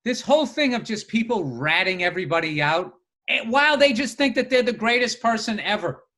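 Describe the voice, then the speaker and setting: A man co-hosting a podcast in casual chat, rambling and swearing freely with animated asides. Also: high-pitched, a little fast. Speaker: podcast co-host.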